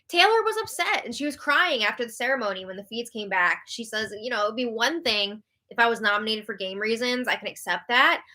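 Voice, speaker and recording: A woman hosting a live reality-show recap, animated and exasperated as she reads out viewer comments. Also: fairly high pitch. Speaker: host.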